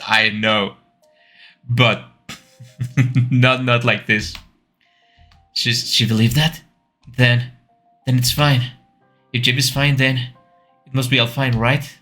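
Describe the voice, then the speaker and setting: A man's voice: mid-range voice, takes it slowly, long pauses, pushed and bright, soft background music. A man commenting while playing a story game, rambling and stammering, repeating words and laughing between thoughts. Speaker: game streamer. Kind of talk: let's-play commentary.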